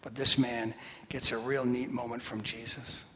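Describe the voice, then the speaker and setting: A man preaching a sermon as pastor, energetic and emphatic, with quick asides. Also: mid-range voice. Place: church sanctuary. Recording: long reverb of a large hall.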